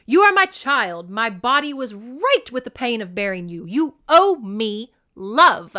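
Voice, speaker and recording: A woman voicing a possessive, overbearing goddess mother who talks loudly and smothers her grown daughter. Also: a little high, sing-song, unhurried, full character voice. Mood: demanding.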